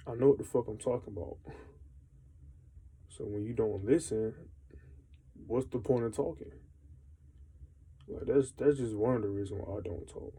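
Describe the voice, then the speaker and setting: A young man rambles through a frustrated, slang-heavy rant, swearing freely as he talks straight to the camera. His voice is very dark and gravelly, with a husky edge. His pitch sits in the middle range for a man. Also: rough recording. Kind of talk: casual venting monologue.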